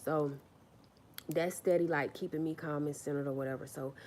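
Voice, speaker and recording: A woman's voice: deep voice, steady tone, fast, darkish tone, slight background noise. A woman telling a personal story on a casual livestream, blunt and profane, hammering points home with repeated phrases. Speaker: livestream host.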